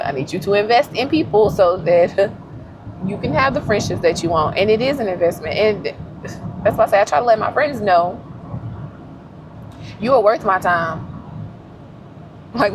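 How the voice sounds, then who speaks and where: A woman's voice: medium pitch, animated, normal speed, creaky, pauses often, noisy background. A woman chatting casually and reflectively as a vlogger while driving, laughing often. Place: in a car.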